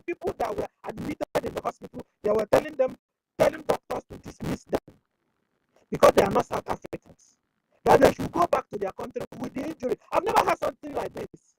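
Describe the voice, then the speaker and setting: A woman's voice: high-pitched, big pitch swings, fairly quick, gravelly, soft background music, low-quality recording. A woman with a Nigerian accent giving impassioned commentary as an activist, pleading and firing off rhetorical questions, at times switching into prayer.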